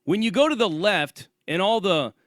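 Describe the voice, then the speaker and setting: A man's voice: high-pitched, expressive, moderate pace, no room sound, studio quality. A man hosting his own channel, delivering an angry, profane and sarcastic ranting monologue. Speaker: channel host.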